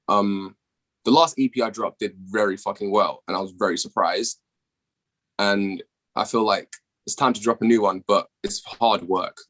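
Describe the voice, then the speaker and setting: Low-voiced laid-back British man. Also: a bit bright. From England. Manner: laid-back, swears freely, laughs often. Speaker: musician guest. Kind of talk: casual podcast chat.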